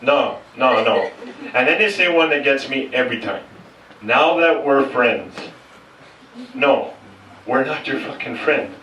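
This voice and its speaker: On a comedy club stage, a middle-aged man performs a blunt, swearing stand-up set that slips between English and French. His medium-pitched voice is animated, bright, and forceful at normal speed, picked up from a distance in an echoey room with cut-off highs and slight background noise.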